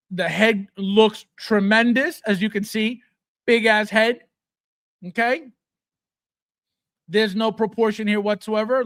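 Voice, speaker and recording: On a collectibles channel, a high-pitched male host rants bluntly and scornfully about a figure, swearing and dripping sarcasm. He keeps repeating sarcastic jabs at his viewers, and the studio sound is clean with no room echo.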